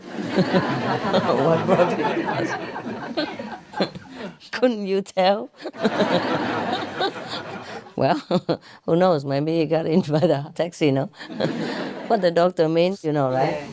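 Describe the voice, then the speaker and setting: A woman telling jokes in a casual way. She laughs often at her own jokes, explains the punchlines, and pauses with hesitant fillers. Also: low-pitched, crowd noise.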